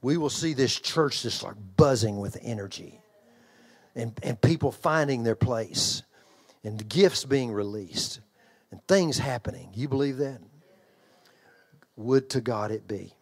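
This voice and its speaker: A middle-aged man preaching a sermon in a church, with an altar call and an animated story told with yells and laughter. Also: mid-range voice, measured pace, slightly rough. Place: church hall.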